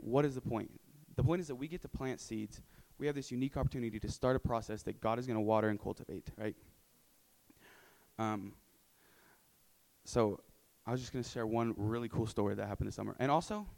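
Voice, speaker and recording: A man's voice: mid-range voice, low-quality recording. A young man telling his supporters about his mission work in a casual, earnest way, with many fillers and tag questions. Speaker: returned mission volunteer. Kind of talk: personal testimony to supporters.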